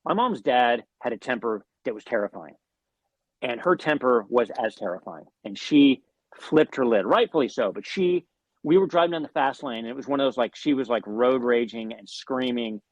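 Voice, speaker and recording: A man's voice: mid-range voice, lively intonation, normal speed, no echo, rough recording. A man telling a long, rambling story in a casual interview, swearing and restarting often. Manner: rambling, profane, frequent fillers and restarts. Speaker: guest musician.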